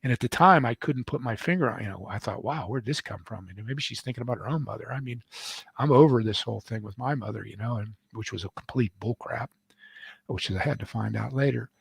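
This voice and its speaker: An older man telling a heartfelt personal story as an interview guest, pausing and restarting as his feelings surface. His voice is slightly husky, and the recording is dry and close. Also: mid-range voice, dry recording. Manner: halting, emotional, many restarts. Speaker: author and guest.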